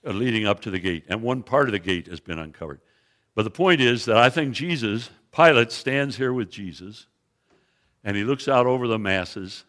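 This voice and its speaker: A man's voice: fairly low pitch, fairly bright tone. A man preaching as a guest Bible teacher, retelling scripture vividly in a church sanctuary, often restarting his phrases and pointing to slides. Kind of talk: sermon with biblical storytelling.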